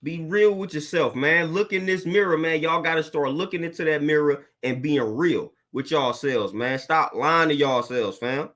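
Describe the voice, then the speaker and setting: A man's voice: a little high, moderate pace, few pauses, fairly bright tone. A young adult man, a fitness trainer, ranting bluntly and preachily to camera, repeating himself and using slang. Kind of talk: blunt motivational rant to camera.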